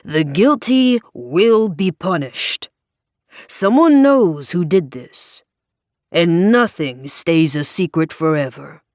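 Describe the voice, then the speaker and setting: Woman reader doing a blustering male mayor, pulpit-thumping and slow, low-pitched, dry studio read. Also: expressive, a little mellow, dry recording. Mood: preaching. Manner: booming, slow, dramatic pulpit delivery. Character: blustering male mayor preaching like a revival preacher. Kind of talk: audiobook character voice.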